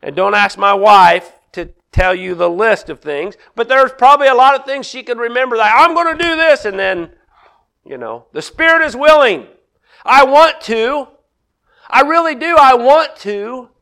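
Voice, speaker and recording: High, bright-voiced male preacher. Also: moderate pace, creaky, clear, resonant tone. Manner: animated preaching, acts out quoted lines with big swings in loudness. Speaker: pastor. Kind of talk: sermon.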